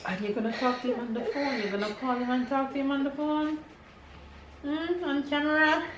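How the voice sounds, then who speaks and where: A woman, vlogging at home as a mother who soothes over and over in a soft voice. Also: high voice, steady tone, a little fast. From Jamaica. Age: 30s. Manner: soft repetitive soothing of a crying child. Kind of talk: casual home vlog. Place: home kitchen. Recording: echoey room with background noise.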